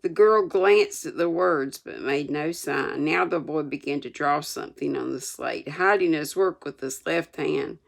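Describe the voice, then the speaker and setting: Older woman, slow unhurried reading, gravelly fry, low voice, chatty asides. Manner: homespun, chatty asides between passages. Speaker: storyteller. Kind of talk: reading a classic novel aloud with asides.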